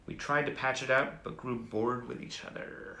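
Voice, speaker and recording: A chatty man hosts a casual live stream, reading aloud with wry, self-mocking asides. His voice is gravelly and bright. He sounds a bit roomy and echoey, as if recorded live at home. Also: mid-range voice, steady tone, normal speed, slight background noise. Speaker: host. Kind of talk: casual livestream chat reading old clippings. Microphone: phone or webcam on a live stream.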